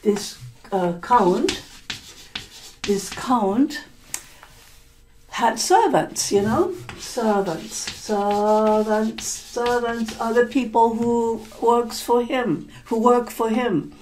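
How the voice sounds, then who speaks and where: A woman language teacher telling a story to learners, slowly repeating and explaining words with many hesitant fillers. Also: on the high side, darkish tone, a little hiss or hum, poor audio.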